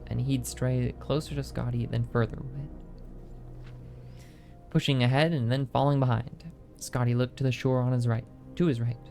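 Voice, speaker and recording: A man's voice: mid-range voice, dark tone. A man streaming a game and reading an in-game book aloud, with small slips, corrections and muttered asides.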